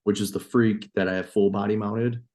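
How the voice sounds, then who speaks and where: A man from New York, a farmer and hunter, telling a story as a podcast guest, excited and profane. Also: fairly low pitch, a little fast. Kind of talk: casual storytelling.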